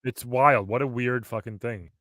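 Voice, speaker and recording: Man, 40s, host, eager and laughing, bright lively voice, dry close sound. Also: mid-range voice, moderate pace, no room sound. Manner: enthusiastic, laughs often. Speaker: podcast host. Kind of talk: casual chat.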